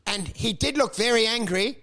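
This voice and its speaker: A young man with a high, bright, sharp-edged voice tells crude comic stories on a podcast. He is profane and mocking, and he keeps slipping into the voices of the people he talks about. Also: moderate pace. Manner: profane, mocking, acts out other people's lines. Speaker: podcast co-host. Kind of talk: crude comedic storytelling.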